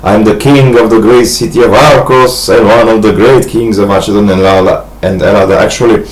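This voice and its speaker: Halting, grandiose man. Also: fairly low pitch, steady tone, rough recording. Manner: hesitant, halting, many restarts and fillers; grandiose, earnest monologue. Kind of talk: rambling personal video message.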